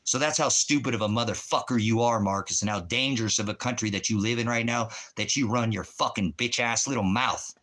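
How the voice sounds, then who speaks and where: A man's voice: mid-range voice, a little fast, few pauses, a bit bright. Bitter, profane man ranting at someone. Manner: bitter, accusing, profane, repeatedly addressing one person. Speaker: ministry video host. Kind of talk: angry direct-to-camera rant.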